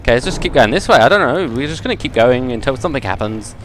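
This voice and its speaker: A young man narrates his own horror-game run in a let's play, talking at an ordinary mid pitch. He jokes, curses and breaks into yelps at every scare. A faint background hiss sits under his voice. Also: animated, quick pace. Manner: jokey, swearing, yelps when scared. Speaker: gamer.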